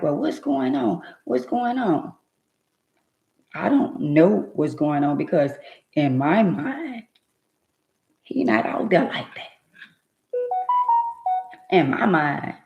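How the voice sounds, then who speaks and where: A woman's voice: low-pitched, creaky, echoey room, muffled recording. A woman telling her own life story to her viewers in an emphatic, rambling, casual way.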